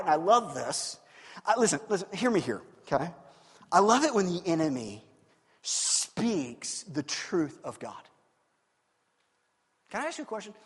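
A man preaching a sermon, animated and acting out scenes with shifting voices. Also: on the high side, husky, in a large hall. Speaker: pastor.

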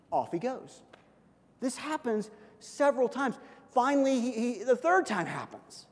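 A man's voice: very high voice, big pitch swings, unhurried, in a large hall. A middle-aged male pastor preaching a sermon in a conversational, self-deprecating storytelling manner.

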